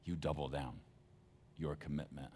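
A man's voice: a bass voice, flat delivery, normal speed, a little mellow, a little hiss or hum. A male pastor preaching a sermon in a conversational, emphatic storytelling manner.

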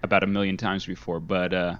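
A man's voice: deep voice, flat delivery, fast talker, highs cut off. A man co-hosting a casual podcast chat, joking and laughing often. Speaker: podcast co-host.

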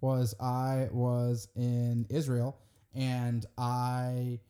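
A man with a mellow, darker voice at a middling pitch. He talks casually but explains carefully, drawing distinctions as he goes. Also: monotone, extremely slow. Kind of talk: casual chat.

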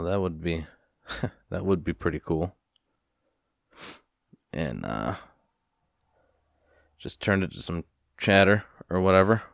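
A man hosting a podcast, telling a story in a casual, profane, rambling rant with animated retellings. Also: deep voice, slow pace, vocal fry, pauses often, dry recording, clean studio sound. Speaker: podcast host.

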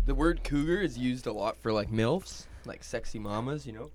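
A man's voice: medium pitch, a little fast, few pauses, slight background noise. A man co-hosting a podcast, chatting casually and cursing a lot while his mouth burns from hot sauce. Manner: profane, rambling, laid-back. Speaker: podcast co-host. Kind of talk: casual chat.

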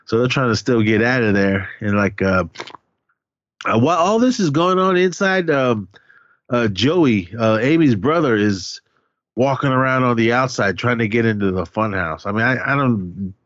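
A man's voice: mid-range voice, normal speed, dry recording, dull audio. A man casually recapping a film on a podcast, rambling along and acting out the characters' cries and curses. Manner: rambling, animated retelling with voiced reactions and cursing. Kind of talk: casual chat.

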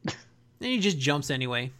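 A man's voice: medium pitch, sing-song, normal speed, a bit bright. A man in casual chat, recapping an episode in a laid-back, slangy way. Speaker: podcast host.

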